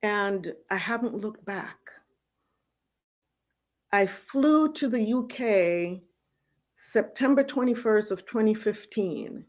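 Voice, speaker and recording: A middle-aged woman host telling her personal faith story in an earnest, storytelling way, with soft laughs now and then. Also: medium pitch, expressive, slow pace, long pauses. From United States. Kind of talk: personal testimony.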